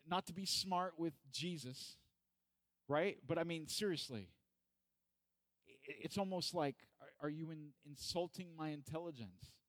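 Animated preacher man, fairly high voice. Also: a little slow, no echo. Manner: conversational, animated, acts out pleading questions. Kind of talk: sermon.

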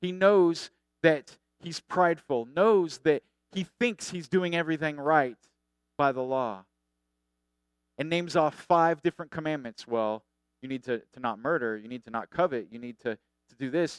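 A middle-aged man preaching a sermon as a pastor, conversational and animated, acting out the people he quotes. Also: a little high, moderate pace, clear, resonant tone, dry recording.

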